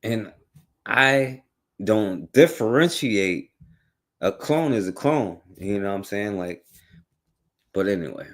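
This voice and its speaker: A man with a lowish voice hosts a talk radio show. He comments on politics casually and keeps tossing rhetorical questions at the listener. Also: animated, slow, pauses often. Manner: conversational, rhetorical, many "right?" and "you know what I'm saying".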